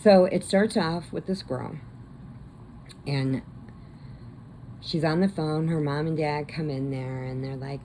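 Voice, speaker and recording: A woman's voice: deep voice, steady tone, slow pace, long pauses, mellow, a little hiss or hum, low-quality recording. A woman crochet vlogger chatting casually and rambling as she retells a movie plot. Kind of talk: casual chat.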